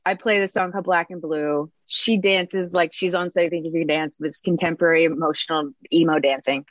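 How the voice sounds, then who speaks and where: American woman in her 30s rambling through a story, acts out what people said, lowish voice, dry kinda muffled sound. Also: a little fast, no room sound. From United States. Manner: animated, acts out quotes, lots of "like". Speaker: guest. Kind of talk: storytelling in an interview.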